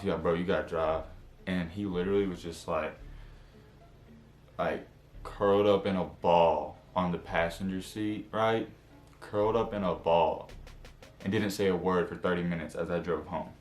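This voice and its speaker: A young man telling a casual storytime, slangy and animated, acting out what friends said. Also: sits low, roomy sound, a little hiss or hum. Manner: animated, slangy, acts out quotes.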